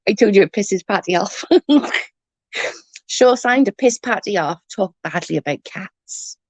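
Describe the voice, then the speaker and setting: A woman's voice: medium pitch, animated, unhurried, breathy edge, no echo. A woman chatting casually on a livestream, rambling and swearing freely while answering comments. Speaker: livestream host.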